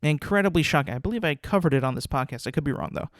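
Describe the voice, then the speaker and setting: Young man, podcast host, casual sports rant, slightly high voice, dry close mic, rambling with many restarts. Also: expressive, rapid-fire, dry recording. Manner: rambling, repeats words, restarts often.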